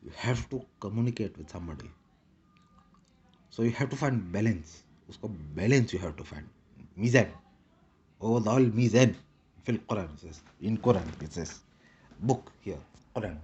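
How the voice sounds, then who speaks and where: A man's voice: on the low side, expressive, moderate pace, pauses often, a little mellow, muffled recording, a little hiss or hum. A man rambling in a casual monologue with a put-on Indian English accent, repeating short clipped broken-English phrases. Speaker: vlogger.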